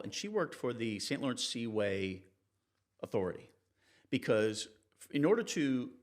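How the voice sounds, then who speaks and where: A man, a TV reporter and interview guest, telling anecdotes in a relaxed, animated way and acting out the people he quotes. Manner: animated, acts out quoted people with raised pitch. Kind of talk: conversational storytelling in an interview.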